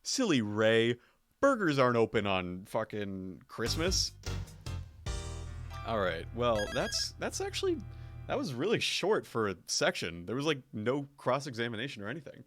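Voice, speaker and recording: A man's voice: mid-range voice, wildly swooping pitch, moderate pace, fairly bright tone. A man streaming a game, chatting casually with viewers, joking and swearing, with game music behind.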